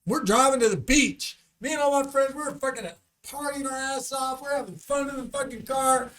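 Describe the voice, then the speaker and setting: A comedian telling a story on a studio podcast, ranting in an animated, profane way and acting out angry judges. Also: male voice, very high-pitched, normal speed. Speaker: comedian guest.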